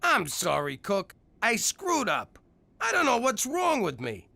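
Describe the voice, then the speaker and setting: Brief: high, raspy-edged wisecracking cartoon mobster, swings all over in pitch. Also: male voice, huge pitch swings, measured pace, noisy background, exaggerated voice. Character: brash, blundering male mobster in hiding. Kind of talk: animated sitcom voice acting.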